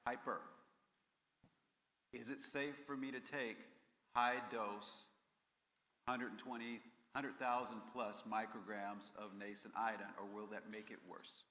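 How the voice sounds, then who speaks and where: A man moderating a live conference panel, energetic and rallying the audience, often laughing. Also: fairly low pitch, unhurried, pauses often, big-room sound. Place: conference stage.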